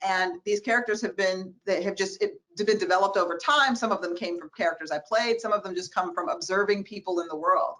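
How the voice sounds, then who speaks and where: Animated woman telling a story on a video call. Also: medium pitch, brisk, few pauses, rough recording. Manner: animated, expressive storytelling with quoted voices. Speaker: diversity expert, guest speaker. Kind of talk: conversational webinar interview.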